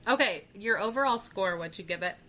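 A woman's voice: mid-range voice, lively intonation, brisk, bright, forceful tone, a little hiss or hum. A young woman co-hosting a casual movie podcast, chatty and giggly, often quoting lines from films. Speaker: podcast co-host.

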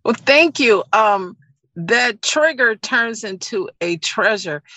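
Slow bright-voiced woman reflecting. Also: fairly high pitch, animated. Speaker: call participant. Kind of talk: casual group chat.

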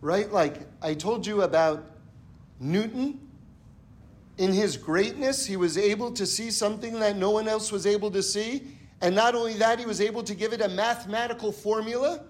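High-voiced man telling a teaching story. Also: moderate pace. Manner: conversational, checks in with "right?"; acts out characters in a story. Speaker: Torah teacher. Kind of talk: storytelling lesson.

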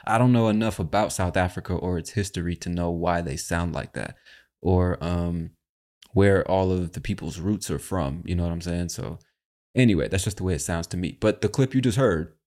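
A male podcast host with a very low, deep voice chats casually about accents. He speaks directly to the listener, calling them "my friend," in an easygoing style. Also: moderate pace, darkish tone. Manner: chatty, addresses the listener as "my friend". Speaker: host of an English-learning show.

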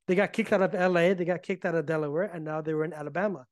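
A man being interviewed, telling his story in a casual, animated way and acting out the arguments he reports. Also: a little high, racing, dry recording, studio quality. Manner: animated, acts out quoted arguments. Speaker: podcast guest.

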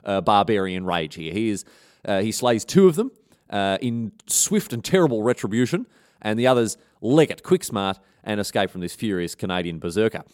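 A man's voice: lowish voice, lively intonation, moderate pace, darkish tone. A man, hosting a history podcast and telling the story in a comic, irreverent, slangy and rambling way. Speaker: podcast host.

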